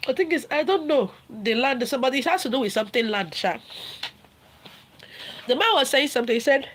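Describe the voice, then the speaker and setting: Middle-aged Nigerian woman hosting a casual livestream, high-pitched, animated, laughs a lot, slips into Pidgin and Igbo. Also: brisk. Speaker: livestream host.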